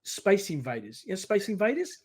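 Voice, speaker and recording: Guesting on a podcast, a middle-aged man tells his own story with animated emphasis, frequently repeating his own words as quotes. He has a high, husky voice and talks a little fast.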